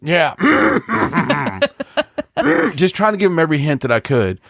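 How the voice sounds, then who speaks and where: A man co-hosting a podcast, telling a long story in casual chat and acting out every voice in it. His voice swings widely up and down in pitch, and the recording is dry and close. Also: rapid-fire, dry recording. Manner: animated storyteller, acts out voices, laughs often. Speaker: podcast co-host.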